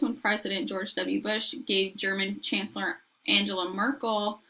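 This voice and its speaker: A woman lecturing in a measured, explanatory way, now and then restarting a word. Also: mid-range voice, sharp tone. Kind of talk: recorded lecture.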